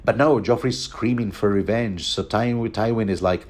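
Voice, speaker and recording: Rambling man with a low voice. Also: moderate pace, hardly any pauses. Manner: rambling, chuckling, many fillers and restarts. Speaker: book commentator. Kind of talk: rambling casual commentary.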